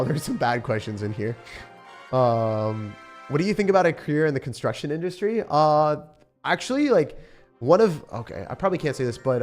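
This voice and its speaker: A young man chatting casually on a livestream, commenting on his game and answering questions from chat in a self-deprecating way. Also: medium pitch. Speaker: streamer.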